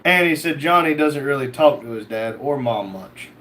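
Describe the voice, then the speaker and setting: A man's voice: mid-range voice, animated, moderate pace, sharp tone, a little hiss or hum. Man joking through a livestream chat. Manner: joking, reads chat comments aloud. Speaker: livestream host reading chat.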